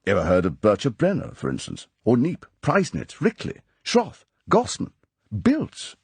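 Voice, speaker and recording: A severe older spy chief barks out brisk, clipped orders, as a male narrator puts him on. His tone climbs and falls with a gravelly, husky edge, and the recording is close and dry with no room sound. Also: mid-range voice, wildly swooping pitch, dry recording, pitched above the performer's own voice, full character voice. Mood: insistent. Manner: clipped, commanding, lecturing.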